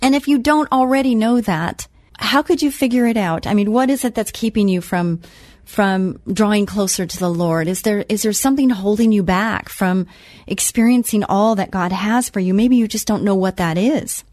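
A woman's voice: mid-range voice, moderate pace, darkish tone, no echo. A woman hosting a Christian radio talk show, telling a personal story in a chatty way with frequent restarts.

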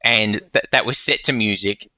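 A man's voice: on the low side, moderate pace, no echo. A man, co-hosting a podcast and telling comic stories in casual chat. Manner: animated comic storytelling. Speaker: podcast co-host.

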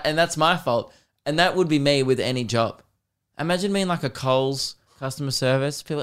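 An Australian man hosting a podcast, chatting casually and telling rambling stories with laughs and quick mimicry. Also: medium pitch, fairly bright tone. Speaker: podcast host and comedian. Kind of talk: casual chat.

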